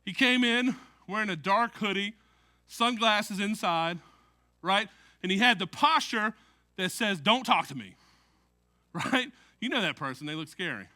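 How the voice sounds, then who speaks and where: A man preaches with a high and very bright, sharp voice. He keeps it chatty, mixing jokes into the sermon and often tossing a "right?" to the listeners. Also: lively intonation, unhurried. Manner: conversational preaching with jokes and frequent "right?" asides. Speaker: pastor.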